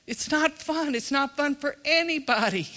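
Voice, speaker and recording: Bright-voiced preacher with a drawl. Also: high-pitched, normal speed. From Texas. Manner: folksy, emphatic, swings between loud and hushed. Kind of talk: sermon.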